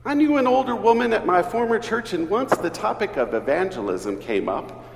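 A man, an Episcopal priest, preaching a sermon in an earnest, measured way. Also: high voice, creaky. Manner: slow, earnest preaching with lively emphasis. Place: church. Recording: echoey church hall, distant mic.

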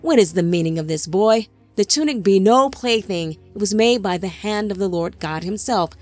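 A woman's voice: mid-range voice, normal speed, a little mellow, natural voice. A woman reading the part of an old father who demands answers from his sons, with faint music behind her. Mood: stern. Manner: stern, demanding. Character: angry elderly patriarch, stern father.

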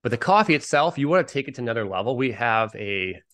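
A man's voice: medium pitch, sing-song, fast, fairly bright tone. Rambling, upbeat male podcast host. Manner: rambling, self-deprecating, upbeat. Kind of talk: casual solo podcast chat.

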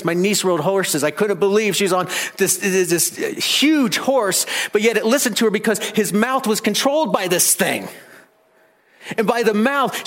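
A man's voice: high voice, fairly bright tone. A man preaching a sermon, earnest and emphatic, asking the congregation many questions. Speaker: pastor.

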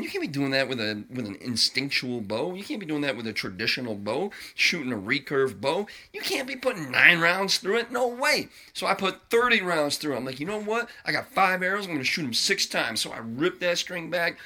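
A middle-aged man talking casually to his viewers, animated and swearing freely, repeating phrases for emphasis. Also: fairly high pitch. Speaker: vlogger sharing his recovery journey. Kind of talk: casual talk to camera.

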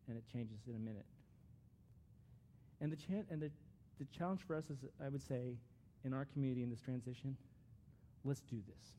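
A man's voice: mid-range voice, dark tone, a little hiss or hum. A man giving a conversational, earnest sermon as a pastor, with frequent restarts.

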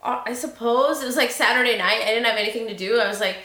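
A woman's voice: on the high side, quick pace. Chatty woman in an echoey room. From Sacramento area, California. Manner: animated, acts out quotes, says y'all, laughs often. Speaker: podcast host. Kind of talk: chatty personal storytelling.

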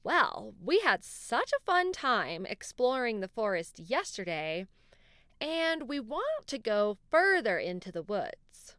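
A tiny, eager girl bunny, voiced by a woman for a children's storybook. Her sweet voice sits high and bounces with excitement. The sound is close and dry. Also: slow, dry recording, exaggerated voice. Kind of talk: storybook character voice.

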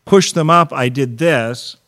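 Man telling lively anecdotes. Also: medium pitch, unhurried. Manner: animated anecdotes with voiced quotes. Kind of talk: casual storytelling chat.

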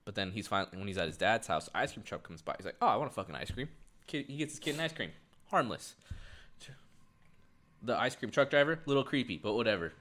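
A man co-hosting a casual podcast, swearing freely and retelling a story with animated quoted lines. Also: fairly low pitch, quick pace. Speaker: podcast co-host. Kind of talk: casual chat.

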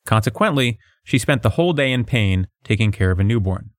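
A man's voice: lowish voice, lively intonation, brisk, no echo, studio quality. A man co-hosting a podcast, reading a book passage aloud and then mocking it with sarcastic jokes and frequent laughter. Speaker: podcast co-host.

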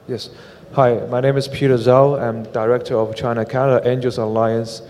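A man who directs an angel investment group, speaking on a panel in a halting way with many "uh" fillers. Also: mid-range voice, level tone, darkish tone, slight background noise. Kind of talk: panel discussion. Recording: long hall reverb.

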